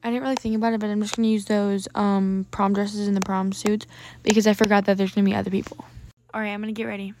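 A woman narrating an improvised toy role-play story, soft and often whispering her asides. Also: medium pitch, level tone, fast talker.

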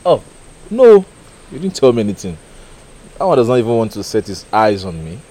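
A man's voice: fairly low pitch, big pitch swings, a little fast, mellow. A man playing an eager, stammering suitor with a Nigerian accent. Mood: coaxing. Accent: Nigerian Pidgin. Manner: stammering, coaxing, laughing. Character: eager man wooing a woman, pleading, playful.

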